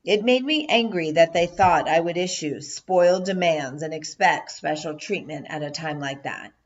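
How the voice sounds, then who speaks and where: A woman reading a first-person memoir as an audiobook narrator, measured and steady, now and then raising her voice for quoted shouts. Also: low voice. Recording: dull lo-fi audio.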